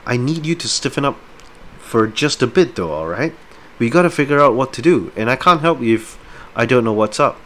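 Man doing caring storybook man, soft, reassuring, folksy, expressive pitch. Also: brisk, close to an everyday voice. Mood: soothing. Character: calm, caring man soothing a friend.

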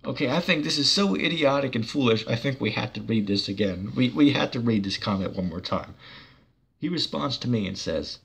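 A husky-voiced man delivers a fired-up rant, his slightly breathy tone pushing hard as he argues. He curses freely and mocks his opponent with a combative, scornful edge. Medium pitch, plain talk, no polish. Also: lively intonation, brisk, fairly bright tone. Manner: combative, profane, mocking. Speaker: church channel preacher. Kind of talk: heated ranting monologue.

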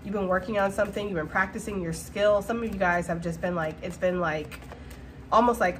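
A woman giving a casual, slangy tarot reading to her viewers, talking in an animated way with frequent laughter. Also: mid-range voice, brisk, a little hiss or hum. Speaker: tarot reader.

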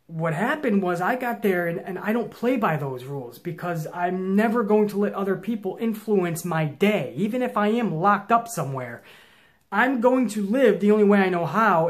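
A man's voice: sits high, animated, normal speed. Profane, intense young man telling a story. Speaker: show host. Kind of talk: casual monologue to viewers.

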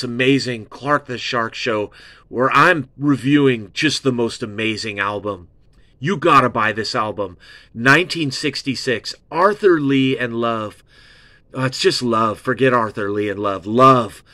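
A man hosting an album review show, gushing and excitable, repeating himself and swearing freely. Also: mid-range voice, dry recording. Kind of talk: rambling casual album review.

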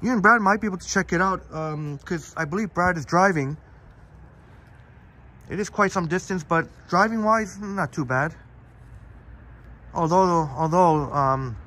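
A man hosts a live stream from a phone while walking outdoors in a park, chatting casually and reading viewer comments aloud by name. His voice is a little high, pushed, and bright.

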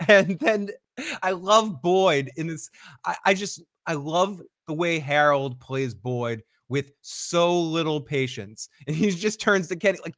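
A man's voice: a little high, measured pace, fairly bright tone, dry recording, clean studio sound. A man co-hosting an after show, chatting casually and animatedly about an episode, acting out the characters' lines with many restarts. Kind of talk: casual recap chat.

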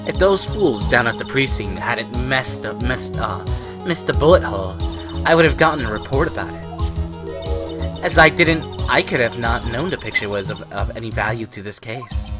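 A man's voice: mid-range voice, lively intonation, normal speed, lightly acted. A man voicing a cold, condescending young female prosecutor, reading game dialogue aloud over game music. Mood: haughty.

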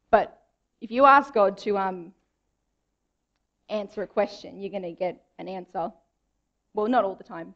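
A woman's voice: medium pitch, vocal fry, lo-fi sound. A young woman giving a chatty, informal sermon in a church. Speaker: preacher.

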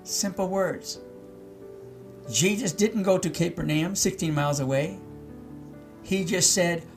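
Slow-speaking pastor teaching a Bible chapter. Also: male voice, high-pitched, expressive, faint music behind. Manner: reads verses then explains them, with many repeats and questions to the listeners.

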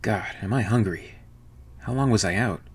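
A man with a low voice voicing a dazed, starving male spaceship crewman in an audiobook-style reading. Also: moderate pace, slightly rough. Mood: puzzled hungry.

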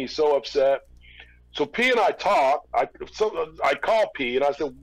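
A man in an interview, casually telling a long story with relaxed restarts. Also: a little high, unhurried, no echo, rough recording. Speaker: interview guest, former record label executive.

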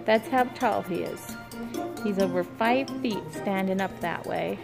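A mother filming her child in a large museum hall on a handheld phone, animated and exclaiming, playful with the child. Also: medium pitch, unhurried, vocal fry. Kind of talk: casual family vlog. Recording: background music over the audio.

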